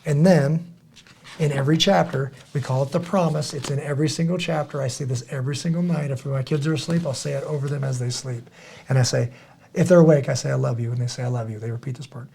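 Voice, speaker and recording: A man's voice: medium pitch, fast, gravelly, breathy edge. A middle-aged man hosting a podcast, telling stories in casual, earnest talk and acting out the quotes he tells. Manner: earnest, animated storytelling with acted quotes. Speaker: podcast host.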